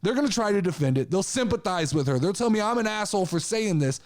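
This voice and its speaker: A man's voice: high voice, expressive, fast talker, darkish tone. A man hosting a wrestling podcast, ranting heatedly with profanity and repeated rhetorical questions. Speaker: podcast host. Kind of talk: opinion rant.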